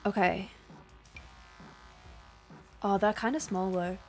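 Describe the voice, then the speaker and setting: A young woman streaming a building game, chatting casually and excitedly thanking her viewers. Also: mid-range voice, takes it slowly. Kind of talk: casual gameplay livestream chat. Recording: faint music behind.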